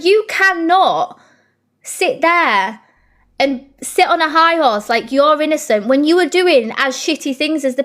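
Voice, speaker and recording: Brief: high-pitched British woman, heated blunt rant with swearing, talks to her live viewers. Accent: British English. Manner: addresses her viewers and reads their comments. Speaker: TikTok live streamer. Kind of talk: angry ranting commentary.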